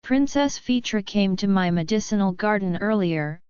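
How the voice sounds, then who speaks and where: A woman voicing a poised young noblewoman who speaks with calm courtesy. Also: mid-range voice, normal speed, smooth, no room sound, dull audio, close to an everyday voice. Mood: composed.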